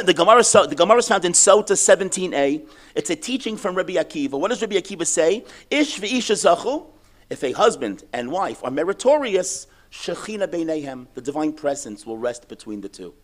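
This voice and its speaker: A man teaching a Torah class, lively, asking questions and answering them himself. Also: sits high, brisk. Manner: animated, asks and answers his own questions.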